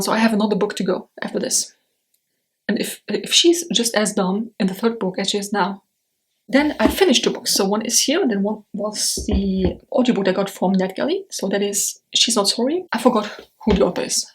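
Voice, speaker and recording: Woman book vlogger, mid-pitched, loose and rambly, talks straight to camera with blunt takes. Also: slight background noise. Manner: chatty and rambling, blunt opinions, frequent fillers. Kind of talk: casual chat to camera.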